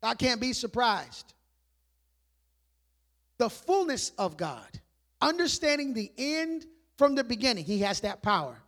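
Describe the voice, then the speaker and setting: A man preaching a sermon in a conversational style, asking rhetorical questions and dropping to quiet emphasis on key words. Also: very high voice, sing-song, measured pace, pauses often. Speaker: pastor.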